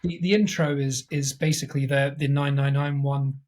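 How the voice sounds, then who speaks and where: A man's voice: mid-range voice, fairly even intonation, normal speed, a little mellow. A man co-hosting a podcast, chatting casually and rambling as he tells a story. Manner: rambling, acts out quoted voices. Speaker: podcast co-host. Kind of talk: casual chat.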